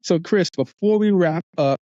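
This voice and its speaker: Man hosting a podcast, slightly high. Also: moderate pace, dark tone, no echo, muffled recording. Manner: friendly, wraps up with thanks. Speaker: podcast host. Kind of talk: casual podcast interview.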